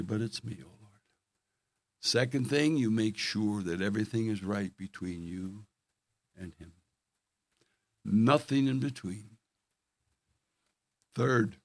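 An older man preaching a sermon, telling stories with earnest feeling and dropping from loud emphasis to hushed tones. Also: fairly low pitch, no echo.

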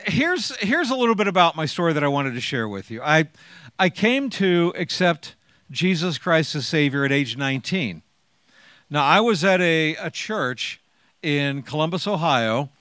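A man's voice: on the high side, fairly bright tone, no echo. A man in his sixties sharing his personal testimony with an audience, as a chatty, joking storyteller who acts out the lines he quotes.

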